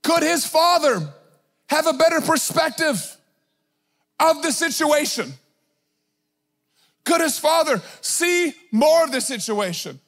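A man in his thirties preaches with a strikingly high voice. He talks to the congregation in a casual, conversational way, scattering fillers, then leans hard into emphatic points. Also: lively intonation, slow, pauses often, fairly bright tone. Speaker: pastor. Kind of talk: sermon.

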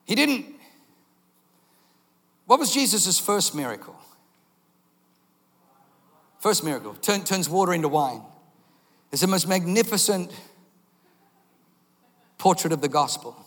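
A man preaching a sermon, telling stories in an animated, jokey way and acting out voices, heard with a long hall reverb. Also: sits high, a little slow, long pauses.

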